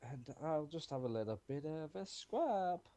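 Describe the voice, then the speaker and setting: A man's voice: fairly high pitch, expressive, a little slow, warm tone. A man playing a tabletop game, thinking aloud about his turn and sometimes hesitating. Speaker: player.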